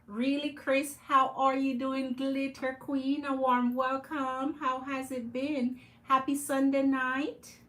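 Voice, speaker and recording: A woman's voice: high voice, flat delivery, slow, few pauses, a bit bright, low-quality recording. A woman with a Jamaican accent hosting a live tarot stream, chatting with her viewers and greeting them by name.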